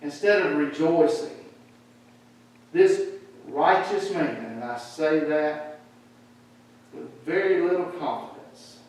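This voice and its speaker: A high-voiced man delivering a lively church sermon, acting out the people he quotes. He is heard from a distance, with heavy echo from the large hall. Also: slow, long pauses. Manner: animated, acts out quoted speech. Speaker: preacher. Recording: echoey hall from far off.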